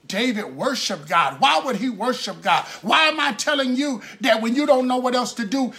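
A man preaching a sermon, drawing out his phrases and breaking into shouted bursts of emphasis. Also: very high-pitched, animated, measured pace, gravelly, hardly any pauses.

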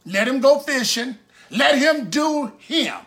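A man delivers a sermon in a high voice, telling the story like a chat with the congregation. His tone is bright and forceful, and he slips into the voices of the people in his story. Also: animated, takes it slowly. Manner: conversational storytelling preaching; acts out the people in his stories. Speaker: preacher.

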